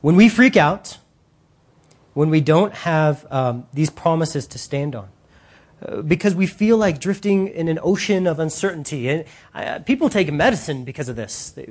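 Husky guy preaching, animated and slangy, jumps between loud and soft. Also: a little high, normal speed. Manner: animated, casual slang, acts out voices. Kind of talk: sermon.

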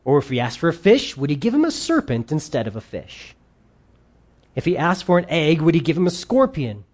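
Emphatic preacher with loud and quiet swings. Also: mid-range voice, sing-song, a little fast. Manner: reads scripture aloud in between explaining. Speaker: pastor. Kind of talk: sermon.

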